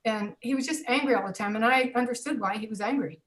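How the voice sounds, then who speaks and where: A woman's voice: a little high, quick pace, low-quality recording. Woman, 60s, former teacher as guest; storyteller who animates the quoted dialogue. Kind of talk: personal storytelling.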